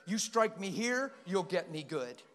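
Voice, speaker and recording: A man delivers an animated, passionate sermon, his voice high and ringing. His talk swings between quiet asides and sudden loud bursts. A long reverb from a large hall trails after his words. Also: a little slow. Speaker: preacher.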